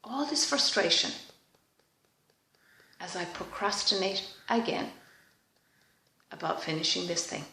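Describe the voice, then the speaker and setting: A woman talks through a tapping session at a slow, soft, reflective pace. Her voice has a gravelly, creaky texture. The recording sounds roomy and echoey, with faint noise behind her. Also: fairly low pitch, lively intonation. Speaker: EFT tapping practitioner.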